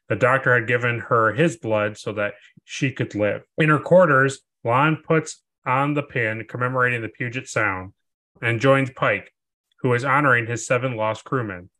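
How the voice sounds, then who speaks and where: Guy podcast host, bright voice, chatty recap, jokes around a lot. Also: mid-range voice. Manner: animated, jokey, acts out scenes. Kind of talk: casual chat and episode recap.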